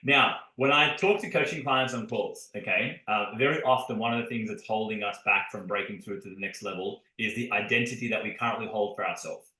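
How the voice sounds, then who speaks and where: Podcast host, male, bright forceful tone, energetic storyteller, echoey room. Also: on the low side, fairly quick. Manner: energetic storytelling, addresses listeners directly. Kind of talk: casual podcast chat. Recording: roomy echo.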